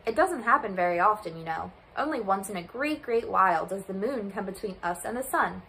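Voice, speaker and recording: Wise, unhurried storybook turtle, a touch lower, woman reading. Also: a little hiss or hum, low-quality recording. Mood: calm. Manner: calm, explaining. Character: calm, wise old turtle.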